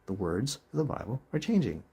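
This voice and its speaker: A man's voice: mid-range voice, very animated, brisk, dark tone, slight background noise. A man hosting a video, reading verses aloud and reacting with incredulous, chuckling rhetorical questions in casual commentary. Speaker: video host.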